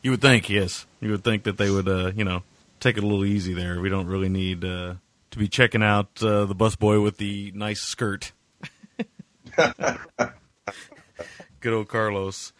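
A man's voice: on the low side, level tone, normal speed, long pauses, a bit bright. A man co-hosting a casual movie review podcast, rambling and sarcastic, with lots of filler words. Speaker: podcast co-host.

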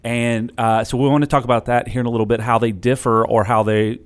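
A man's voice: medium pitch, flat delivery, fast, smooth. A man hosting a casual business podcast, upbeat, laughing easily and often repeating his words. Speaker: podcast host. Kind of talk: casual interview chat.

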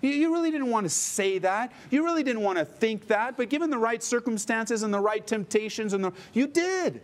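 A man's voice: extremely high pitch, expressive, fairly quick. A middle-aged male pastor preaching a sermon with emphatic delivery and playful asides.

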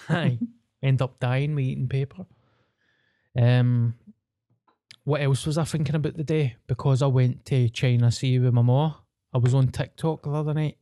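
A man's voice: medium pitch, steady tone, normal speed, pauses often, dark tone, no room sound, studio quality. A young Glaswegian man in casual, sweary podcast banter. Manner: sweary, laid-back banter. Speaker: podcast co-host. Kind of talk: casual chat.

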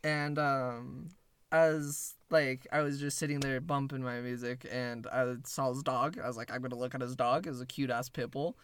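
A man's voice: mid-range voice, steady tone, normal speed, a bit bright, a little hiss or hum. A young man casually telling funny stories among friends, laid back, swearing freely and laughing as he goes. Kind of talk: casual storytelling chat.

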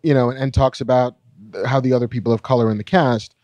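A man co-hosting a podcast, talking through entertainment news in a relaxed, conversational way. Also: medium pitch, fast, dry recording, lo-fi sound. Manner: relaxed, conversational, fond of reading quotes aloud. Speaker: podcast co-host. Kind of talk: casual entertainment news chat.

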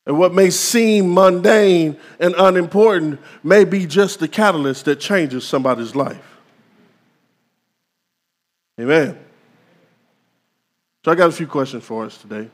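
Slow, high-voiced preaching pastor. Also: male voice, in a large hall. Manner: call-and-response preaching, dramatic pauses. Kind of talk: sermon.

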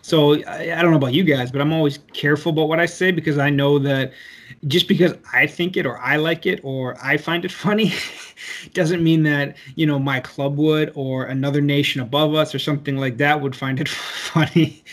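A man's voice: fairly high pitch, a little fast. A man co-hosting a casual podcast, recovering from a fever, chatty and full of "like" fillers. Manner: chatty, laughing, many "like" fillers. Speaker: podcast co-host. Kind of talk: casual chat.

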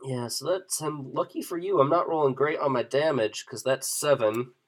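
A man running a tabletop game as game master, relaxed and chatty, thinking aloud with fillers. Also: mid-range voice, normal speed.

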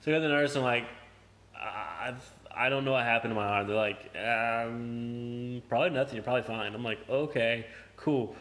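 A man's voice: mid-range voice, moderate pace, a bit bright. Young man, casual podcast storyteller, profane and laughing, acts out the other voices.

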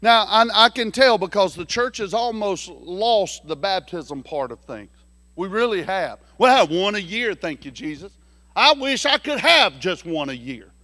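A pastor, telling a folksy story in a sermon and swinging between hushed lines and shouted ones. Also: male voice, very high-pitched, no echo.

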